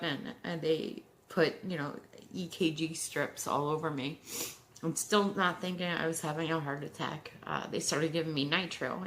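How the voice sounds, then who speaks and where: A low-pitched woman in her forties tells a personal story, full of pauses, restarts and fillers. She sounds emotional and halting throughout. Faint room ambience hums in the background. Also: a little hiss or hum. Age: 40s. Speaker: heart attack survivor telling her story.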